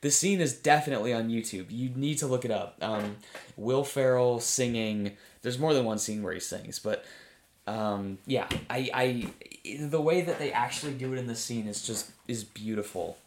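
A man's voice: medium pitch, normal speed, a little hiss or hum. A man in a middle register rambles eagerly through a casual monologue, tripping over restarts, laughing and cursing as he goes. His voice carries a noticeable roomy echo. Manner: enthusiastic, rambling, laughs often, swears casually. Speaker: vlogger reviewing a comedy film. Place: home room with his dog nearby.

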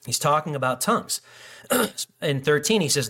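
A man's voice: a little high, lively intonation, moderate pace, sharp tone. A middle-aged male pastor preaching a casual sermon, joking and acting out little dialogues between people. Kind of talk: conversational sermon.

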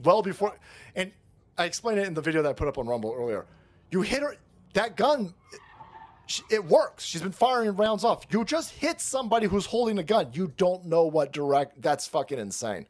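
A man's voice: high-pitched, big pitch swings, brisk, darkish tone. A man from California ranting on a livestream, swearing often, laughing and mocking as he talks. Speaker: livestream commentator. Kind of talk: profane political rant on a livestream.

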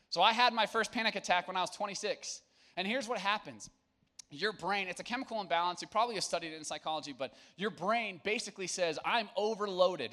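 Young guy pastor, bright voice kinda high, joking around with the youth group at church. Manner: casual, joking and energetic, then earnest. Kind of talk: sermon to young people.

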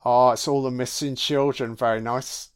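A man's voice: mid-range voice, fairly even intonation, moderate pace, smooth. A man giving a casual film commentary, sweary, sarcastic and mocking.

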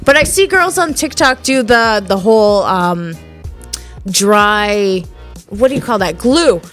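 A woman's voice: medium pitch, animated, takes it slowly, fairly bright tone, faint music behind. A woman co-hosting a casual podcast chat, laughing often and talking bluntly with plenty of swearing. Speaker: podcast co-host.

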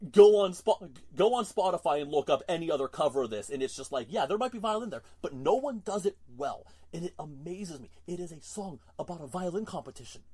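A man's voice: on the high side, dark tone, breathy edge. Exasperated ranting man on a podcast. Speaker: podcast co-host. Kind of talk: casual podcast chat.

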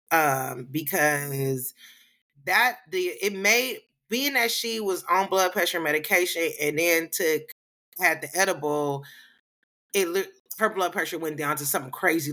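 A woman on a casual podcast tells a story in a bright, forceful voice, laughing as she goes. She acts out what others said and swears freely in loose slang. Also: lowish voice. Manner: animated, laughs often, acts out quoted voices; profane, slangy. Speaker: podcast co-host.

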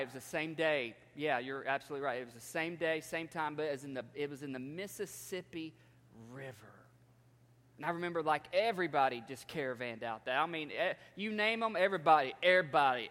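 Man, pastor, emphatic sermon, repeats phrases, somewhat high voice, long church reverb. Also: a bit bright. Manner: emphatic preaching with repetitions and call-outs. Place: church sanctuary.

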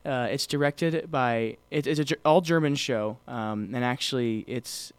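This is a man with a smooth, clear voice, co-hosting a podcast in a loose, rambling way, full of ums and restarts. He sounds close and dry, with no room around him. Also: medium pitch, unhurried, no echo. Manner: rambling, many fillers and restarts. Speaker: podcast co-host. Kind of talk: casual chat.

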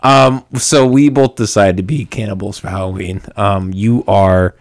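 Low-voiced joking male podcast host. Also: steady tone, moderate pace, no room sound. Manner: jokey, self-mocking, laughs often. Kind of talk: casual chat.

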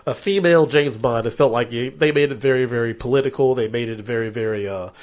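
A man's voice: medium pitch, quick pace. A man co-hosting a casual podcast chat, swearing freely and laughing often as he talks. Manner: profane, laughs often, animated. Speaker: podcast co-host.

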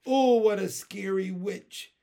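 A man voicing a calm, absent-minded woman teacher in a mild way. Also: a little high, takes it slowly.

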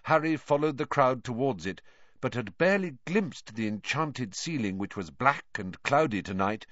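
A man narrating a storybook reading in an expressive, animated way. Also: medium pitch, moderate pace, no echo. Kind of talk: audiobook reading. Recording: dry, dull lo-fi.

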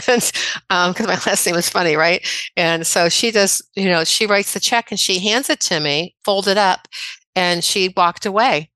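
A woman in her sixties from the American Midwest, a chiropractor telling personal stories in a casual interview, chatty and quick to laugh. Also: medium pitch, sharp tone, no echo. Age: 60s. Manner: chatty, anecdotal, laughs often. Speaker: podcast guest, chiropractor.

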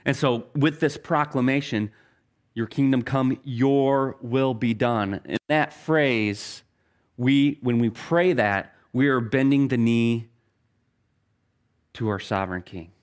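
A middle-aged man preaching a sermon as pastor, earnest, telling stories and slowing down for key phrases. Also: medium pitch.

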